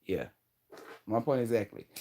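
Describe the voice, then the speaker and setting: A woman in her thirties talks directly to her viewers in a casual advice monologue. Her delivery is blunt and animated, full of slang and casual swearing. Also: a bass voice, normal speed. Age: 30s. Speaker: vlogger giving relationship advice.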